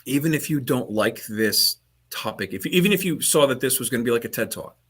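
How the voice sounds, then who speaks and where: A man's voice: medium pitch, lively intonation, a little fast, a bit bright, slightly rough. A man, talking as a guest HVAC trainer in a casual podcast chat over a video call, rambling and restarting his sentences. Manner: rambling, repeats words and restarts often.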